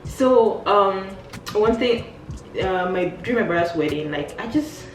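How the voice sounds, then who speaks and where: A woman chatting casually in a vlog, telling stories in an animated way and acting out what people said. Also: unhurried, far from the mic. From Nigeria. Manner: animated, acts out quoted dialogue with big pitch jumps. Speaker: vlogger. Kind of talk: casual storytelling chat. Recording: roomy sound from off the mic, faint music.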